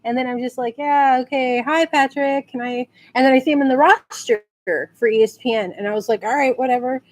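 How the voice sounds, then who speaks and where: A woman's voice: steady tone, a little fast. Chatty woman ranting and telling stories. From San Antonio, Texas. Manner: chatty, rambling, acts out quotes in high squeals. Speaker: vlogger. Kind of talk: casual storytelling rant.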